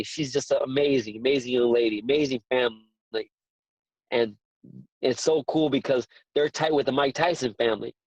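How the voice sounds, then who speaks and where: A man in his forties, a boxing trainer, telling stories as a guest in a casual interview with earnest, excitable repetition. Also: medium pitch, no echo, muffled recording. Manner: earnest, excitable storyteller who repeats words.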